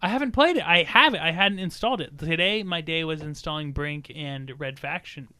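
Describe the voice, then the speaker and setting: Bright-voiced joking young man. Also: a little high, brisk, clean tone. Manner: rambling, jokey, swears freely. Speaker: podcast host. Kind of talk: casual podcast chat.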